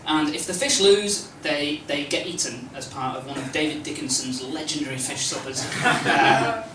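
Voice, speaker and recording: A man doing a stand-up comedy routine on a club stage, rambling and hesitant, with lots of stammered restarts and deadpan asides. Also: fairly high pitch, moderate pace. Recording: roomy live club recording from a distance, noisy.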